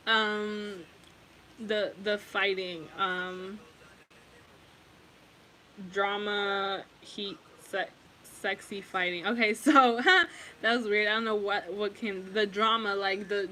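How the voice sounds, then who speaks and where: A woman's voice: medium pitch, fairly bright tone, a little hiss or hum, low-quality recording. A young woman giving a casual tarot reading, rambling and emotional, with lots of fillers and swearing. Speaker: tarot reader.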